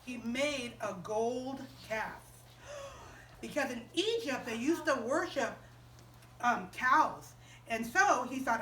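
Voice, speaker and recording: A woman teaching a Bible story to children in a chapel, animated and quizzing them as she goes. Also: high-pitched, measured pace, far from the mic, slight background noise. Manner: animated, asks the children questions. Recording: roomy chapel, voice off-mic.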